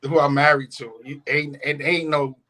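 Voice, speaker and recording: A man with a high voice tells loose, profane stories on a stream, laughing between lines. He acts out each quote with big swings in his delivery. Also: normal speed. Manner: profane, laughing often, animated quoting. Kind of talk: casual storytelling chat.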